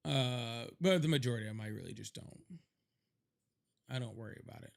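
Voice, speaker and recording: A man's voice: medium pitch, a little fast, creaky. A man hosting a live political stream, chatting loosely, laughing a lot and reading out donations. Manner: loose, rambling, laughs often, reads donations aloud. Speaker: livestream host. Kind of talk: casual livestream chat.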